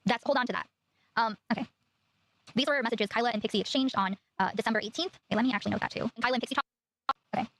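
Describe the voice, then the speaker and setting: A woman talking very fast with a somewhat high voice. She reads messages aloud during commentary and corrects herself as she goes. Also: fairly bright tone, no echo, poor audio.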